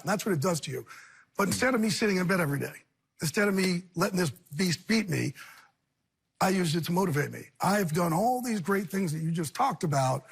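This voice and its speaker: A man, a guest on a talk show, talking candidly and earnestly in intense rushing bursts. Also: fairly high pitch, slightly rough.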